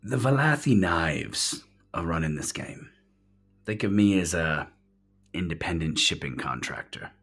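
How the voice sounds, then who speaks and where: A man doing a nervous, shifty street dealer in a tabletop game, cagey and repeating himself. The voice sits very low. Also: expressive, a little slow, a bit bright, husky, heavily acted. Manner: evasive, jumpy, keeps repeating himself.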